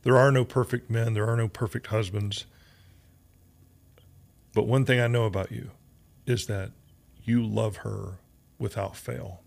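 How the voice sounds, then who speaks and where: Male podcast host, gravelly voice, teasing and quick to laugh. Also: fairly low pitch, fairly even intonation. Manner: teasing, emotional, laughs often. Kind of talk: casual interview chat.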